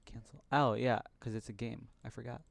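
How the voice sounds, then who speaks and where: A man's voice: mid-range voice, steady tone, a little fast, gravelly, dry recording. A young man hosting a casual live coding stream at his home computer desk, chatty and muttering to himself, with jokey broken-English asides. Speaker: livestream host coding.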